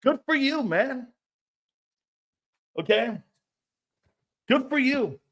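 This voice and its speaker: A man's voice: very high-pitched, expressive, very slow, fairly bright tone. A man hosting a sports talk show, rambling and joking with frequent laughs, blunt and a bit profane.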